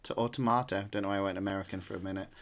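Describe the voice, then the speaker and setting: A man narrating as game master, relaxed and full of ums and restarts. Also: low voice, racing.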